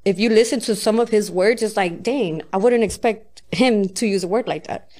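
A woman's voice: medium pitch, moderate pace, a little mellow. A woman rapper in a casual interview, talking loosely and candidly, often checking "you get me?", swearing and laughing easily. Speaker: rapper guest.

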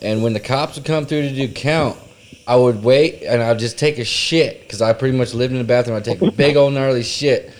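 A man's voice: mid-range voice, brisk. A man telling a short, crude story on a casual podcast in a blunt, teasing way.

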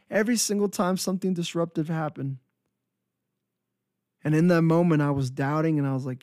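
A man's voice: a little high, a little fast, long pauses, a little mellow, no room sound, clean studio sound. A man who works in ministry giving an earnest, encouraging devotional talk, repeating phrases for emphasis. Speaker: Christian minister.

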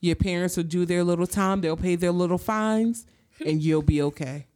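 A woman voicing a calm, firm grandmother giving a blunt, measured lecture, lower than her usual voice. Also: natural voice.

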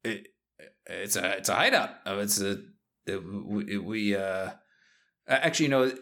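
A man's voice: fairly low pitch, animated, a little slow, bright, forceful tone, exaggerated voice. A nervous, stammering thief caught in his hideout, as a man plays him. His voice jumps around as he hedges and pleads. He stumbles over his words constantly. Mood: flustered. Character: nervous male thief hiding underground.

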